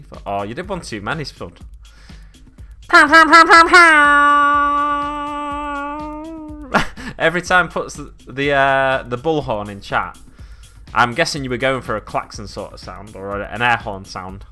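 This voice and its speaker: Bright-voiced chatty male streamer. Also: medium pitch, normal speed, soft background music. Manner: chatty, rambling, reads chat aloud and muses. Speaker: miniature-painting streamer. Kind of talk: casual live-stream chat. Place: home hobby desk.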